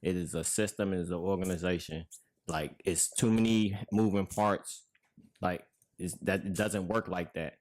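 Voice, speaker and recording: Man, very low voice, casual, slangy, argues his point firmly. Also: fairly even intonation, normal speed, a little mellow. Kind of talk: casual chat.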